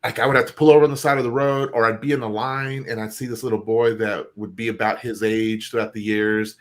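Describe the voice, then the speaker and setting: A man's voice: lowish voice, little pitch movement, fast. A middle-aged man co-hosting a casual chat show, telling personal stories earnestly with many fillers. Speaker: co-host.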